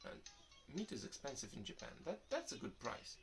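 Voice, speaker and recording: A young man answers viewer questions in a casual vlog, rambling, often restarting his sentences and sounding relaxed and candid. His voice is medium-pitched at a moderate pace, with soft music playing in the background.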